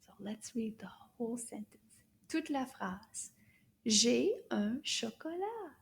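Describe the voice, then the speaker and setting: A woman teaching French to young children, speaking gently and encouragingly, repeating short phrases slowly and clearly. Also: fairly high pitch, lively intonation. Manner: gentle, encouraging, exaggerated slow repetition of phrases. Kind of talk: slow, clear children's language lesson with puppet.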